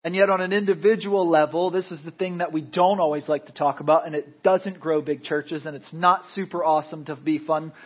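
A man's voice: sits high, muffled recording. An American man preaching a sermon as pastor, in a conversational style that keeps checking in with the congregation. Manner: conversational preaching with frequent "right?" tags.

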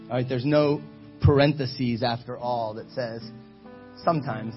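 A man in his thirties preaching a sermon to his congregation in a church, energetic and exhorting, calling for answers from the pews. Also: mid-range voice, measured pace, highs cut off, music in the background. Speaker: pastor. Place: church sanctuary.

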